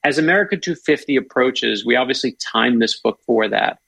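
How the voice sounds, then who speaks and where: An enthusiastic man telling stories in a casual interview and tripping over his own restarts. His voice has a gravelly rasp. The recording is dry and close. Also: mid-range voice, expressive, brisk, fairly bright tone, dry recording, low-quality recording. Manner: enthusiastic, storytelling, restarts often. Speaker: author guest.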